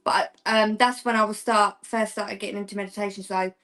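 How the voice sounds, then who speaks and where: A woman's voice: medium pitch, steady tone, a little fast, a bit bright. A young woman chatting as a guest, telling a story in a rambling way with fillers and giggles. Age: young adult. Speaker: guest, practicing witch. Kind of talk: casual chat.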